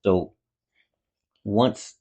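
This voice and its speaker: Mellow-voiced man ranting about comics. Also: very slow. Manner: rambling, excitable, with casual swearing. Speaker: comic book reviewer. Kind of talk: casual spoken review.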